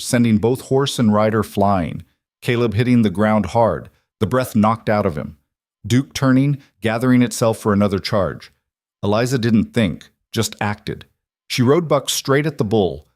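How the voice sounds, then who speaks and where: Man reading a western story aloud, lowish voice, dramatic but measured, dry close sound. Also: a little mellow, no echo. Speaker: narrator. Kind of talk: scripted storybook narration.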